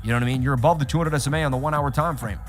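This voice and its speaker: A man hosting a live trading stream, talking straight to his chat in an animated, repetitive way. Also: mid-range voice, racing, faint music behind. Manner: animated, repeats himself, talks straight to chat. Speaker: livestream host. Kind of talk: casual livestream chat.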